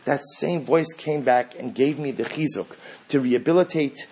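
A man's voice: mid-range voice, normal speed, darkish tone, slight background noise. A man teaching a religious class, earnest and fond of rhetorical questions.

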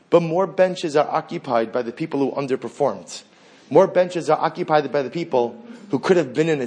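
A man's voice: fairly high pitch, a little mellow, slightly rough. A man giving an impassioned religious sermon, repeating phrases and quoting Hebrew verses. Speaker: rabbi.

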